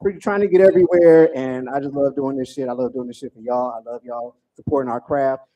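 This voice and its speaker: A man in his forties doing a profane stand-up comedy set, telling stories with animated asides. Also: mid-range voice, quick pace, highs cut off. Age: 40s.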